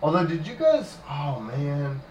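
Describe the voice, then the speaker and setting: A man's voice: a little high, very animated, a little slow, darkish tone. A man trades jokes and tells rambling stories in casual podcast banter. He is heard from some distance in an echoey room, with a faint hiss of noise underneath. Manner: joking, rambling storyteller. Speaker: podcast co-host.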